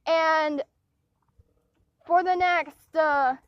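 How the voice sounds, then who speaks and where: A young woman with a high voice rambles slowly through a personal story, stopping and restarting as she grows indignant. The recording is dry and dull, with a muffled lo-fi sound. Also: steady tone, dry recording. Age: young adult. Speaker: vlogger.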